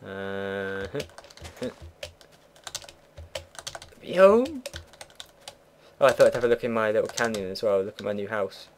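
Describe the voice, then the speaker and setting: A man's voice: on the low side, fairly even intonation, racing, few pauses, slight background noise. A teenage boy casually commentating his own gameplay, rambling and chatty, swearing offhand, at a home computer. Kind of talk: casual let's play commentary.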